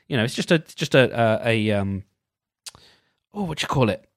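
A British man talking on his own in a casual, rambling way, restarting sentences often and getting animated as he goes. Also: mid-range voice, normal speed, long pauses, no echo, clean studio sound. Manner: rambling, animated, self-interrupting. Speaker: podcast host. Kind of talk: casual solo chat.

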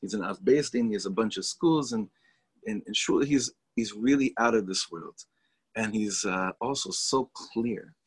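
A man's voice: lowish voice, normal speed, breathy edge. A man teaching a Torah class to students, talking in an enthusiastic, chatty way and mixing in Hebrew and Yiddish words.

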